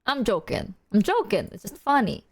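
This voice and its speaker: A woman's voice: medium pitch, huge pitch swings, moderate pace, gravelly, breathy edge. A young woman streaming as a VTuber, chatting casually with viewers in a rambling, slangy, self-mocking way and laughing often.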